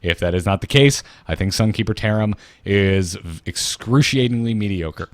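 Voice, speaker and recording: A man co-hosting a podcast, talking casually in a thoughtful, measured way. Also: fairly low pitch, no echo. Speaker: podcast co-host. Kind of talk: casual chat.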